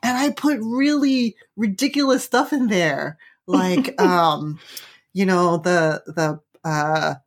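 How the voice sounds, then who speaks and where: A woman's voice: fairly low pitch, slow. A woman telling a personal story in casual chat, peppering her lines with "right?" and "like", and laughing as she goes. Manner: chatty, tags lines with "right?" and "like". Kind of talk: casual anecdote.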